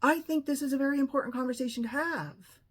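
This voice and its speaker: A woman's voice: high-pitched, quick pace. Emphatic woman telling a story. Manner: emphatic, indignant retelling with acted-out quotes. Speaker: vlogger. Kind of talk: personal story monologue.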